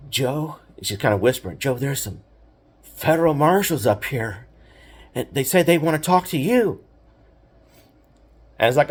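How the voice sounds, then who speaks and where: Older man rambling through a story. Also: medium pitch. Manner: rambling, indignant, full of fillers and restarts. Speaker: storyteller recounting his past. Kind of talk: casual spoken storytelling.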